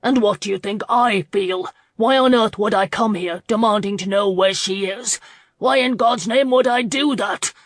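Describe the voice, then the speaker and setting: A woman's voice: medium pitch, fairly even intonation, moderate pace. A woman reading as a furious, lovesick young duke. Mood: impassioned. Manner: forceful, pleading.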